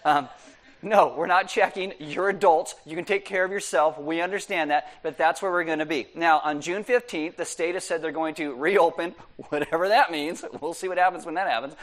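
A male pastor running through church announcements in a relaxed, chatty manner, slipping in small jokes as he goes. His voice sits a little high for a man. He speaks in a church service room. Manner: joking, easygoing, chatty.

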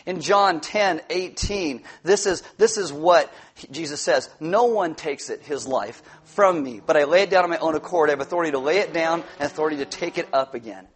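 A pastor with a fairly bright, slightly rough voice on the high side delivers a lighthearted sermon in a church sanctuary. He jokes with the congregation and brings volunteers up to take part.

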